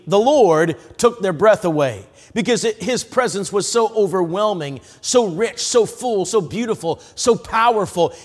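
High-pitched preaching man in a reverberant hall. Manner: impassioned preaching, rising to shouts. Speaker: evangelist. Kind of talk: sermon.

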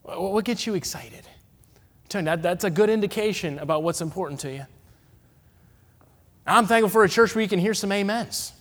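A man from Massachusetts preaching an emphatic sermon in a church, swinging between loud declarations and quiet asides. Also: sits high, fairly quick, pauses often. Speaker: evangelist preacher. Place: church sanctuary. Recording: long reverb of a church hall.

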